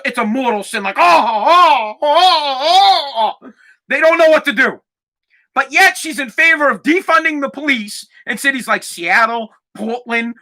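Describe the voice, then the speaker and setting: A man hosting a podcast, delivering a heated, profane rant that sometimes rises to shouting. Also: very high voice. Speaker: podcast host. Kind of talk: ranting podcast monologue.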